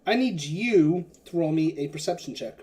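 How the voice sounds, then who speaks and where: Rambling, mellow-voiced game master. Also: mid-range voice, expressive, moderate pace, slight background noise. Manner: rambling, filler-heavy, casual. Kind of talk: narrating a tabletop game.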